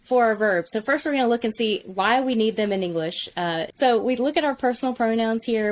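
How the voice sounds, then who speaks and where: A woman's voice: a little high, a little fast, few pauses. A woman, patiently explaining Hebrew grammar as co-host of a lesson.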